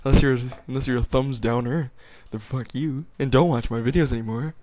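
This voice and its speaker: A man's voice: medium pitch, fairly even intonation, a little fast, darkish tone, a little hiss or hum. A young man giving casual gameplay commentary, rambling and joking with crude language. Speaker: gaming YouTuber.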